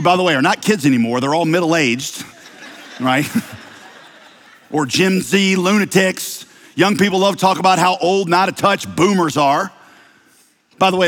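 Southern guy pastor preaching, kinda high voice, joking around between points, big echoey church sound. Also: fairly bright tone. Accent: slight Southern American. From American South. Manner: conversational preaching with humor and rhetorical questions. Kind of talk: sermon. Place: church sanctuary.

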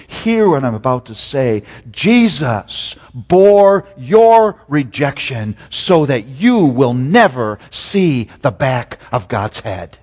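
A man preaching a sermon, swinging between loud emphatic peaks and hushed low lines. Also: very animated, slow, hardly any pauses, long reverb tail.

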